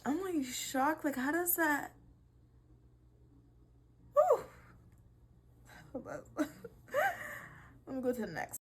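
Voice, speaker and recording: A young woman hosting a casual vlog, reading posts aloud and reacting with animated disbelief and swearing. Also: high-pitched, unhurried, pauses often. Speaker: video creator.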